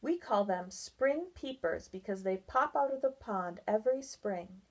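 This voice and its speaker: A woman voicing a gentle, patient father in a read-aloud storybook, speaking calmly and reassuringly. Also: medium pitch, a little slow. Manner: calm, soft and reassuring.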